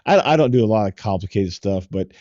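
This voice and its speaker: Laid back guy, warm lowish voice, kinda muffled dry mic, talks gadgets. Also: fast talker, dry recording. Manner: relaxed, rambling, lots of fillers. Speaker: podcast co-host. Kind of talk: casual tech chat.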